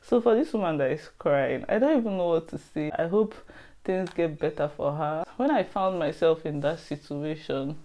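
A woman's voice: sits low, normal speed, warm tone. A young adult woman tells her own story in a storytime vlog, candid and emotional, confiding straight to her viewers. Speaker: vlogger. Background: music.

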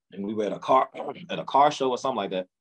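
On a low-quality recording, a man with a lowish, fairly bright voice speaks a little fast as an interview guest. He tells stories candidly in a casual drawl, acting out what people said to him.

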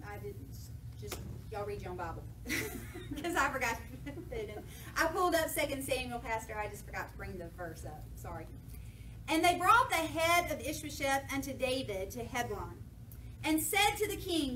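A woman preaching a lively sermon, retelling scripture casually and acting out the voices of people in it. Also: a little high. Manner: lively, jokey, acts out voices of people in the story. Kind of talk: sermon with playful paraphrase. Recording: echoey church from a distance, faint noise.

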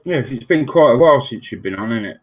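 A man's voice: medium pitch, expressive, fast, husky. Male guest, easygoing chit-chat, phone-like line. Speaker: guest on a live stream. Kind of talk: casual chat. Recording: tinny phone-like video call.

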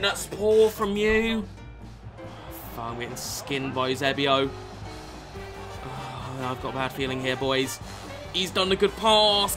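Excitable sweary young man. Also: high-pitched. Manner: sweary, excitable, swings from mutters to shouts. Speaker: gaming YouTuber. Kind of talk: live gameplay commentary. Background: background music.

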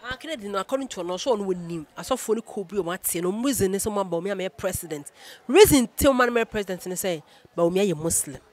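A man hosting a casual political chat, talking quickly and prodding his co-host with questions. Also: sits high, lively intonation.

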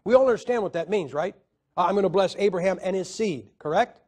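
Male preacher, high voice, combative teaching tone with lots of "uh" pauses. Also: expressive, darkish tone. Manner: argumentative, rhetorical questions, hesitant fillers. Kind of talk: Bible teaching lecture.

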